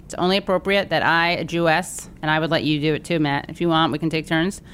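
A woman co-hosting a podcast, chatting casually with animated, sardonic asides. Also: deep voice, fast, slight background noise. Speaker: podcast co-host. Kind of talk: casual political chat.

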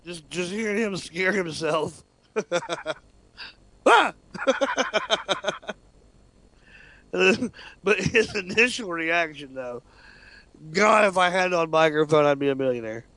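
A man's voice: high-pitched, takes it slowly, pauses often, dry recording. A man co-hosting a casual radio talk show, telling a story with lots of laughter and swearing. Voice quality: animated, swearing, laughs often.

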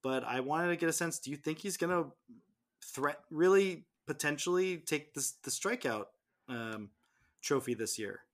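A man co-hosting a casual sports podcast, talking in halting bursts with many restarts. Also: fairly high pitch, animated, a bit bright. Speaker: podcast co-host.

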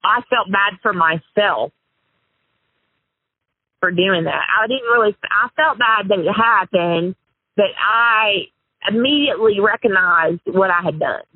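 A woman's voice: medium pitch, a little slow, slightly rough, dry recording. A woman being interviewed about her past, talking in a rambling, self-interrupting, confessional way over a phone line. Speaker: interviewee, former prank caller. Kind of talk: casual interview.

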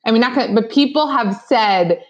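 A woman's voice: fairly high pitch, a little fast, highs cut off. Chatty young woman gossiping with fillers. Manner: chatty, animated, lots of fillers and mock impressions. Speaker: podcast co-host. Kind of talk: casual gossip chat.

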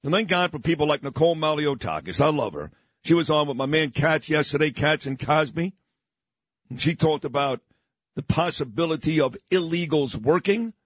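A man talks on a radio show, combative and sarcastic. His voice is husky and fairly high for a man. The studio sound is dry and close. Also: expressive, normal speed, dry recording. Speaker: radio talk show host. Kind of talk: opinionated talk radio monologue. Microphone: studio microphone.

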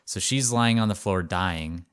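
Low-voiced man telling a story. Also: a little slow, clear, resonant tone. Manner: animated storyteller, frequent "like" fillers. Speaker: podcast co-host. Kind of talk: casual storytelling chat.

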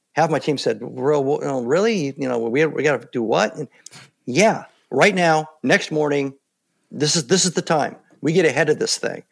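An older man with a gravelly, fry-edged voice talks through his experiences in a calm, matter-of-fact way. He sounds like a seasoned interview guest, unhurried and plainspoken, settling into each story at an easy pace. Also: fairly high pitch. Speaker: guest, former Navy SEAL. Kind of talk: casual interview talk.

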